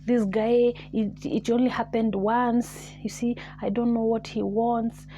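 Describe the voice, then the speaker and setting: A woman's voice: on the high side, flat delivery, a little slow, warm tone, a little hiss or hum, natural voice. A woman voicing a young woman who pleads and acts innocent. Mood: pleading. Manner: falsely sincere, pleading.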